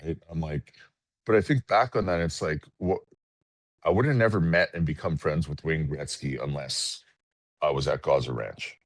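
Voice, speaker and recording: Very deep-voiced man telling stories. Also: no echo. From Canada. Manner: emotional, halting, repeats words when moved. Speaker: podcast guest, retired hockey player. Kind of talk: casual storytelling.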